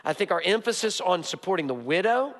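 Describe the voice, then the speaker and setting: High-voiced emphatic male preacher. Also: lively intonation, a little fast. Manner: emphatic, hammering repetition with joking asides. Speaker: pastor. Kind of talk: sermon. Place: church sanctuary. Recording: long hall reverb.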